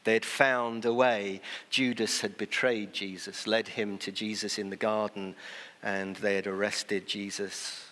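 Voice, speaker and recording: A man delivering a sermon in a church, his voice sitting a little low. He talks in a chatty way and briefly acts out the people in his story. Long church reverb trails after his words. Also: flat delivery, a little slow, sharp tone. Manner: conversational preaching, acting out quoted voices. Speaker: pastor.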